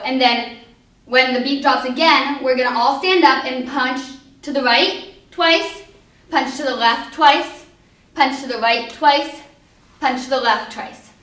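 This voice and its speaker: A young woman teaching a line dance step by step, upbeat and counting out the moves. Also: high voice. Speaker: dance instructor. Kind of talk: instructional dance walkthrough. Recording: echoey hall, voice from far off.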